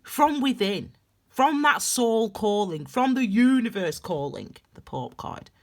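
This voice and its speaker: A woman with a fairly high voice delivers a tarot reading as a passionate pep talk. Her pitch leaps and swoops all over the place as she presses her point. She sounds emphatic and almost preachy, addressing her viewers directly. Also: lively intonation, slow, a little mellow. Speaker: tarot reader. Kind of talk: solo tarot reading to camera.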